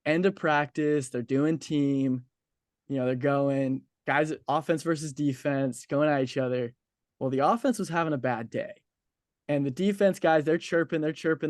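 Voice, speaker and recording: A man's voice: fairly high pitch, measured pace, dry recording, clean studio sound. Chatty young man with a raised voice. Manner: chatty, laughs easily, lots of "like" fillers. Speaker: interviewer. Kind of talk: casual interview chat.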